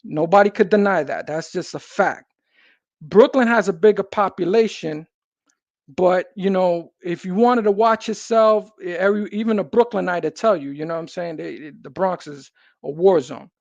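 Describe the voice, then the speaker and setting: High-voiced streetwise New man. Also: normal speed, creaky, darkish tone, no echo, muffled recording. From New York City. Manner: streetwise slang, emphatic. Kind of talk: casual conversation.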